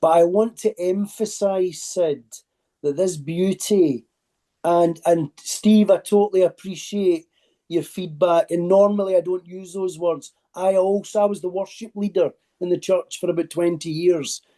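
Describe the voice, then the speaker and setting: Earnest man with a mellow voice. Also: sits high, steady tone, measured pace. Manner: earnest, sincere, emphatic. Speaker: workshop participant. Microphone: video call.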